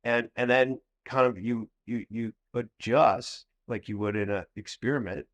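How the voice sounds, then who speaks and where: A man's voice: medium pitch, steady tone, unhurried. A man hosting a podcast, explaining an idea casually by talking through examples as if thinking aloud. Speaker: podcast host. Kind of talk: casual conversation.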